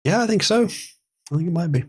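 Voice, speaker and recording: A man's voice: high-pitched, animated, a little fast, darkish tone, slightly rough. A man hosting a casual livestream, dry and teasing in his remarks. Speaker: stream host.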